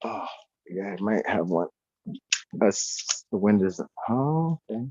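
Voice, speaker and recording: A man's voice: lowish voice, slow pace, breathy edge, no room sound, muffled recording. A man chatting as a podcast guest from an off-grid homestead, rambling and swearing freely. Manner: rambling, profane, excitable. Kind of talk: casual chat.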